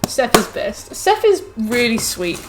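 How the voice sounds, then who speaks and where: A woman's voice: a little high, big pitch swings, measured pace, background noise. A woman streaming a game from home on a headset mic, chatting with her viewers and fussing at her cats. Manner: chatty, talks to chat and scolds her cats between game remarks. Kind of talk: casual live-stream chat while gaming.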